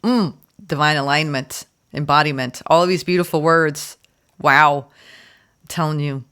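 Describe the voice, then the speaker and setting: A woman giving a spoken tarot reading, gushing and emphatic, often repeating words and filling pauses. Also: deep voice, a bit bright, clear, resonant tone. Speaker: tarot reader.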